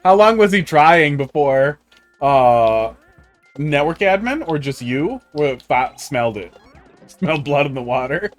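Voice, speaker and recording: A man's voice: fairly high pitch, sing-song, a little slow. A man streaming a video game, chatting casually with viewers and telling rambling, profane tech stories with dry humor. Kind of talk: casual live-stream chat. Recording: faint music underneath.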